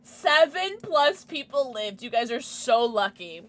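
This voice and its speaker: A young woman streaming a game to her chat, giggling a lot and shrieking with excitement. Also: fairly high pitch, measured pace. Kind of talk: livestream game commentary.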